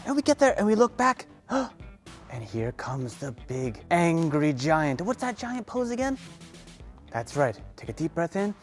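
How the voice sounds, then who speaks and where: A woman leading a children's yoga lesson through a story, animated and playful, gasping with excitement. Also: low voice, measured pace, soft background music. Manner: animated, playful, lots of gasps. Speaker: kids' yoga teacher.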